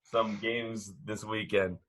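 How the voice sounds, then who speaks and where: A man co-hosting a casual sports podcast from home, talking in a halting way with many filler sounds. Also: fairly low pitch, little pitch movement, fairly bright tone. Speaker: co-host.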